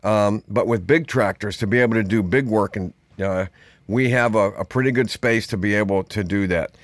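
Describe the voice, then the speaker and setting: A man's voice, on the low side and at a moderate pace, is captured in a dry recording. Hosting a podcast, he rambles conversationally through a casual monologue, full of fillers and asides, sometimes trailing off mid-thought.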